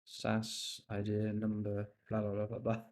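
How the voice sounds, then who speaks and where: A man's voice: lowish voice, monotone, a little slow, a little mellow. Chatty young man live-streaming. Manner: chatty, laughs often, reads chat aloud, swears casually. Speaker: livestream host. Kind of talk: casual live-stream chat while coding.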